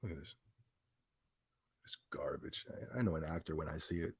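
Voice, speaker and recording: A man's voice: rumbling low, expressive, fairly quick, husky. A man giving a ranting gaming commentary, indignant and sarcastic in a mocking way.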